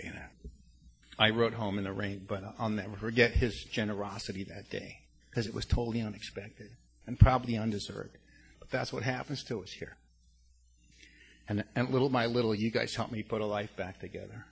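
Older guy w a gravelly voice, rambling recovery share to a room, faint hiss behind. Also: mid-range voice, brisk, a bit bright. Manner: rambling storyteller with many restarts and fillers; frank and earnest, with blunt curses. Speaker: speaker at a recovery meeting. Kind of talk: personal testimony to a group.

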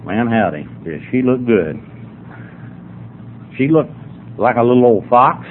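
Older male storyteller, folksy drawl, mid-pitched; lo-fi, phone-like capture. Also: animated, measured pace. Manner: folksy, drawling yarn-spinner. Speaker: speaker at a sobriety meeting. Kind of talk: humorous storytelling to an audience. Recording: tinny phone-like recording, faint noise.

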